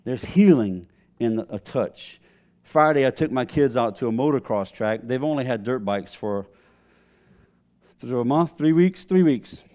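A man's voice: mid-range voice, lively intonation, a little slow, mellow. A man in his thirties preaching a sermon, telling a family story and calling out to the congregation. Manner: storytelling with call-outs to the congregation. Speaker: pastor.

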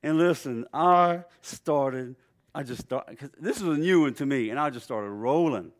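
A middle-aged man preaching a sermon in a conversational storytelling way, with lively swings in his voice. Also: medium pitch, moderate pace. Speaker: pastor.

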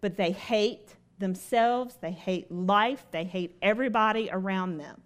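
A woman's voice: mid-range voice, unhurried. A woman giving a devotional talk. She tells a personal story, stresses her points through repetition, and asks her listeners questions. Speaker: lay speaker at a devotional.

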